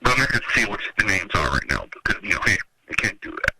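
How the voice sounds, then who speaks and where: A Minnesota man running a metal festival rambles through long stories in a relaxed interview, acting out quotes in a higher voice. He talks fast with big pitch swings and a sharp, slightly rough tone. The recording is dry, noisy radio interview audio.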